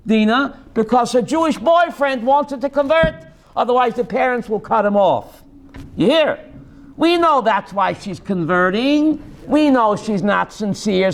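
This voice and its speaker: A man with a strikingly high voice teaches a text-study class as a rabbi. He reads Hebrew lines aloud, translates them, and keeps calling on students by name with quick questions. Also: a bit bright.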